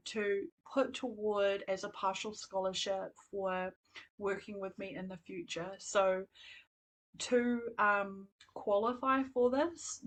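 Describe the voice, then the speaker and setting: A woman hosting a live stream as a spiritual coach, talking in a soft, earnest way. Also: mid-range voice, poor audio. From New Zealand. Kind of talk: live-stream program pitch.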